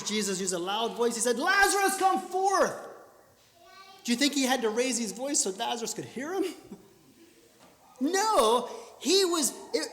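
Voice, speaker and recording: A man gives a lively, animated talk on public speaking, his fairly high voice often breaking off to restart a sentence. He is recorded in a church hall. The sound is roomy, with a long reverb tail. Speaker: speaker at a church training session.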